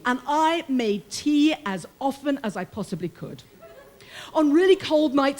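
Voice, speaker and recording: A middle-aged woman with a British accent tells a personal story from her time as a prison chaplain. Her voice sits high and swings widely in pitch as she plays out the people she quotes. Her delivery is warm and humorous, paced for a live audience. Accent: British English. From Britain.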